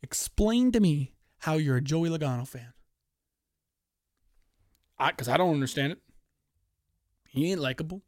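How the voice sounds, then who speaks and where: A man from Canada hosting a podcast, chatting casually in a profane, excitable, rambling way on a headphone-wearing podcast setup. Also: a little high, moderate pace, pauses often, dry recording, studio quality. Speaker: podcast host. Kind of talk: casual chat. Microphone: headphones, podcast mic.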